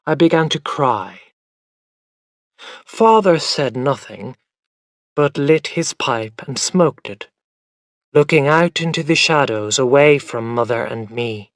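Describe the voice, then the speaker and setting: A man narrating a graded-reader story at an unhurried pace, his pitch rising and falling in an animated way. The recording is dry and close, with no room sound. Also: no room sound. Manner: slow, carefully enunciated reading with lively intonation. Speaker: audiobook narrator. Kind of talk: scripted story narration for English learners.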